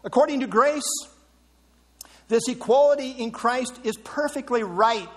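A man's voice: very high-pitched, long reverb tail. A man preaching a sermon, emphatic and rhetorical, repeating words for stress.

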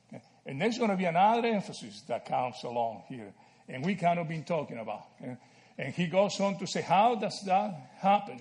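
A man from Argentina teaching a Bible study, animated and checking in with "right?" and "okay?" as he explains. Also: sits high.

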